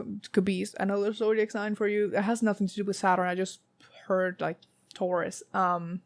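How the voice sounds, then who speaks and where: A woman's voice: medium pitch, dry recording. A young woman with a slight Southern US accent giving a casual, rambling tarot reading, full of fillers and little laughs. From United States. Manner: chatty, rambling, laughs often, many fillers. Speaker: tarot reader.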